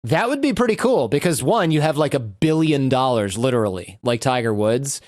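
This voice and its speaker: A man's voice: medium pitch, normal speed, no room sound, clean studio sound. A man, a guest on a podcast, telling stories in casual conversation and acting out the lines of people he quotes. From United States. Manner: animated storyteller who acts out quoted lines.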